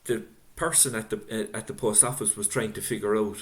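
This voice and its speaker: Male moderator, middle-aged, unhurried and reflective, light dry humor, video-call sound. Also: on the low side, fairly even intonation. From Ireland. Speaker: author interviewer reading audience questions. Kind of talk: casual book-event conversation.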